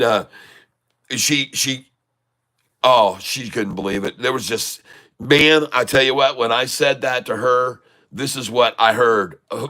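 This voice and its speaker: Bright-voiced man telling rambling stories. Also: on the low side. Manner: rambling anecdotes with laughs and quoted dialogue. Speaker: trading channel host. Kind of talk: casual storytelling.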